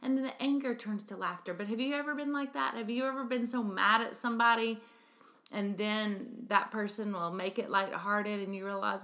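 This middle-aged early-childhood educator hosts a radio-style parenting talk show, her mid-range voice steady, bright and pushed at a moderate pace. She speaks earnestly and emphatically, calling her listeners "you guys".

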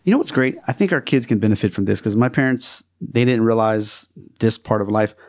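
A man's voice: on the low side, fairly quick, a little mellow, dry recording, studio quality. A man hosting a podcast, asking questions and sharing his own experience in a casual way. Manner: asks several questions in a row. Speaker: podcast host. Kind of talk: casual interview talk.

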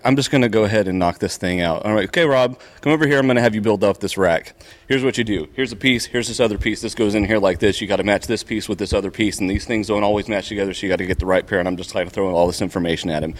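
A man who runs a convention booth, telling a rambling story with fillers and restarts. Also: on the low side. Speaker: convention vendor. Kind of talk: casual storytelling. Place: convention hall.

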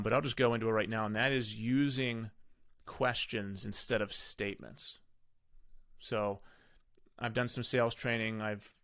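A man's voice: on the low side, gravelly, a bit bright. A man hosting a parenting podcast in a casual, conversational way, often restarting his sentences. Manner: conversational, with frequent fillers and self-corrections. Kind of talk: casual solo podcast talk.

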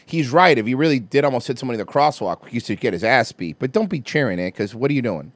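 A man's voice: mid-range voice, fast, no echo. A man hosting a podcast in casual chat, ranting and telling stories with heavy swearing. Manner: profane, ranting, animated storytelling. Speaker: podcast host.

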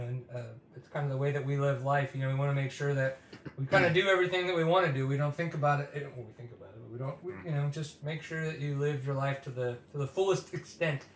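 A man's voice: fairly high pitch, a bit bright. A man co-hosting a casual chat, laid-back and rambling, with plenty of fillers. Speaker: podcast co-host. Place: home garage. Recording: echoey room.

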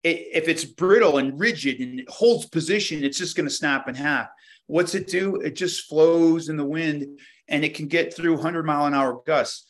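This guest is an inventor in a relaxed interview, and his voice is fairly high at an ordinary speed. He tells stories in a thoughtful way, frequently starting over mid-thought.

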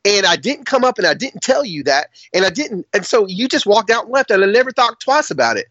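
A man voicing an excitable, out-of-breath redneck man in his fifties or sixties, rambling breathlessly in a dull, dry, slightly lo-fi recording. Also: sits high, a little fast, husky, no echo, pitched above the performer's own voice, heavily acted. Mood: excited.

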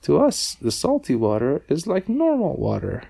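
A man voicing a friendly group of saltwater shrimp in a bedtime story, matter-of-fact and gravelly. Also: on the high side, wildly swooping pitch, normal speed, warm tone, voice pushed up, exaggerated voice. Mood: explaining.

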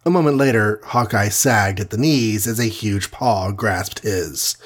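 A man's voice: lowish voice, a little slow. A man narrating a superhero storybook with a dramatic, vivid reading. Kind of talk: scripted audiobook narration.

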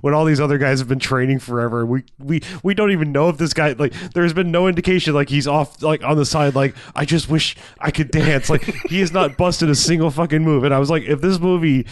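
A man's voice: a little high, quick pace, hardly any pauses, clean tone, no echo. A man in casual chat, recapping a film in a rambling, profane way, laughing often and acting out lines from it.

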